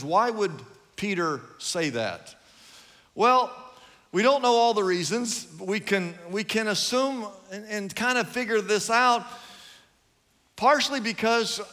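Male pastor, animated and emphatic, high, bright voice, reverberant church. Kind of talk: sermon. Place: large church hall. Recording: long hall reverb.

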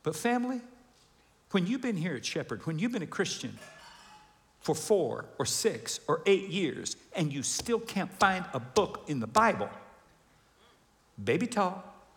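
A male pastor preaching a lively sermon, acting out quoted voices. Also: high voice, unhurried, long pauses. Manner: animated, acts out quoted voices. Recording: reverberant hall.

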